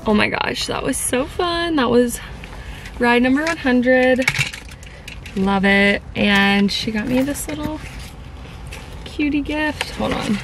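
A woman's voice: high-pitched, slow pace, pauses often, over music. A young woman chatting casually in a vlog, gushing and bubbly, with plenty of "like" and "um". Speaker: lifestyle vlogger. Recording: noisy vlog recording.

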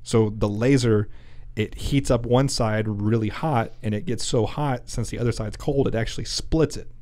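A man's voice: on the low side, normal speed, darkish tone. A young adult man co-hosting a podcast, chatty and profane, explaining things with enthusiasm. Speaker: podcast co-host. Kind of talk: casual chat.

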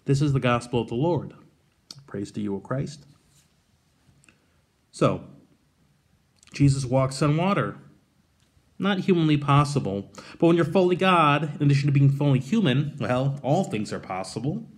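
A man with a middle-pitched voice reads a scripture passage and then talks it through informally. His delivery is relaxed and conversational, with lively retellings of the story. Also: normal speed, pauses often. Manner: conversational, retells with animated paraphrase. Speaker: pastor. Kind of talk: scripture reading and devotional sermon.

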